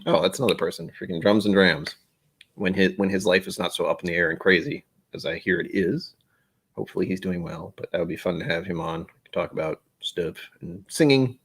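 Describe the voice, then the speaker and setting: A man hosts a relaxed live stream, chatting while he tastes. His voice sits fairly low but jumps around a lot in pitch. He rambles, loses his train of thought and pokes fun at himself. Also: breathy edge. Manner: rambling, self-deprecating, easily sidetracked. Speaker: whiskey stream host. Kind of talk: casual live-stream chat.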